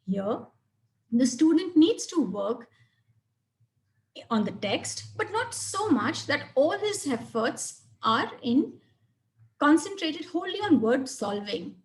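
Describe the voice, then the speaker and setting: A woman with a fairly high voice leads a webinar lesson. She explains step by step in a clear, measured manner and leans on single words to show how stress changes meaning. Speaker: teacher presenting a webinar. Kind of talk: webinar lecture.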